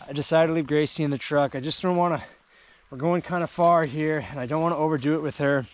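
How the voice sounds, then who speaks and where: A man vlogging while shed hunting in the woods, talking warmly to his dogs with excited praise and laughter. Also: fairly high pitch, quick pace. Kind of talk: casual outdoor vlog talk to dogs. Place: woods outdoors.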